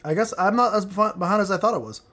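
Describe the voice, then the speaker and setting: A man with a high, fairly bright voice speaks rapid-fire while streaming a game. Reading chat, he jokes crudely and rambles casually with viewers between plays.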